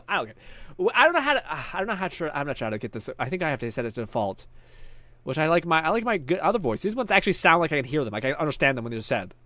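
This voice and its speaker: A man's voice: a little high, big pitch swings, very fast, pushed and bright, no room sound. A man streaming live, chatting casually, thinking aloud and laughing easily, sweaty and tired after a long stream.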